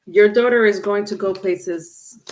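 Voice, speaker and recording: A woman's voice: medium pitch, unhurried, darkish tone. Chatty woman reading tarot live. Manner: chatty, laughs easily, many fillers and restarts. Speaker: tarot reader.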